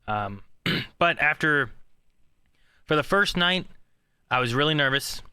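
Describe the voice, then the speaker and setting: A man's voice: on the high side, lively intonation, slow, pushed and bright, smooth, no echo, clean studio sound. A man co-hosting a podcast in casual chat, rambling with many fillers and restarts. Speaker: podcast co-host.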